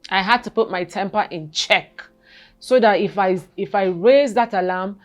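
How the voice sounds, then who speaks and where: Halting woman telling a painful personal story. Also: mid-range voice, faint music behind. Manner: halting, repeats words, then animated when quoting people. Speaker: guest. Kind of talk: emotional personal storytelling interview.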